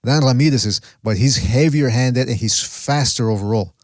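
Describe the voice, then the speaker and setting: A man's voice: mid-range voice, moderate pace, dry recording. Rambling male podcast host, dry sound. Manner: rambling, searching for names with many restarts. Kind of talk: casual podcast chat.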